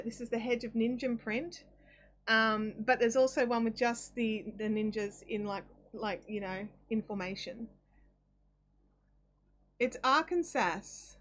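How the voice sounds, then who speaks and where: An Australian woman hosting a live craft stream from her home desk, chatting casually, reading viewer comments aloud and rambling with ums and restarts. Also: on the high side. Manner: chatty and rambling, with frequent ums and self-corrections.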